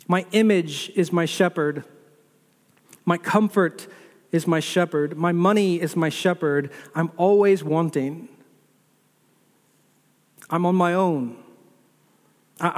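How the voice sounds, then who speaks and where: A man preaching a sermon as pastor, building repetitive lists and asking the listeners rhetorical questions. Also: high-pitched. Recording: long reverb of a large hall.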